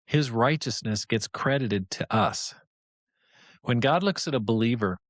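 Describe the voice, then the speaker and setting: A man's voice: medium pitch, dry recording. Male podcast host, devotional teacher; earnest, conversational, encouraging, mid-range voice.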